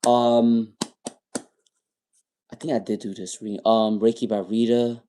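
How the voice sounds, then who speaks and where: A man's voice: fairly low pitch, flat delivery, unhurried, mellow, a little hiss or hum. A man doing live tarot readings on a stream, rambling and repeating viewers' names with many ums. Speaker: tarot reader.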